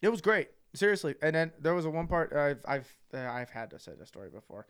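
A young man in his twenties co-hosting a podcast, telling crude stories in a casual, animated way and acting out quotes loudly. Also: fairly high pitch, quick pace, clear, resonant tone. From United States. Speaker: podcast co-host. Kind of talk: casual storytelling chat.

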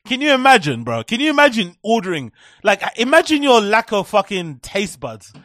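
A man's voice: high voice, very animated, moderate pace, fairly bright tone, dry recording, studio quality. A young man hosting a live stream, ranting sarcastically with lots of swearing and repetition. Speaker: live-stream commentary host. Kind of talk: profane ranting commentary.

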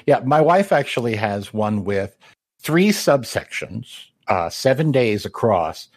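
A man's voice: mid-range voice, very animated, slow pace, no echo. A married man co-hosting a podcast in casual chat, joking wryly at his own expense. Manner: wry, self-mocking joker. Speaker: podcast co-host.

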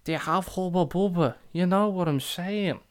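A man voicing a brash, cheeky teenage boy who talks loud and cocky. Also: high voice, normal speed, clear, resonant tone, pitched above the performer's own voice, natural voice. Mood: insistent.

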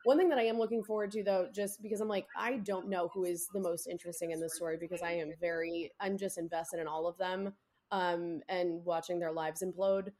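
A woman's voice: lowish voice, fairly even intonation, a little fast, darkish tone. A young woman co-hosting a casual TV recap podcast, hedging and thinking aloud with lots of fillers. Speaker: podcast co-host. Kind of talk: casual chat.

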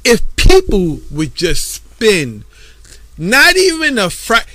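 A man with a high, lively voice argues loudly on a podcast, talking slowly and with emphasis. His tone is bright and forceful, and he repeats words insistently when cut off. The sound is close and dry. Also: no echo. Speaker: podcast co-host. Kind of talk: heated casual debate.

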